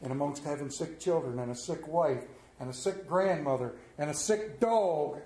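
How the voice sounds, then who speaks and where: A man with a high voice preaches a conversational sermon, spinning folksy, humorous stories. The sound carries a roomy church echo. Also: normal speed, warm tone. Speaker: lay preacher. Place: church sanctuary.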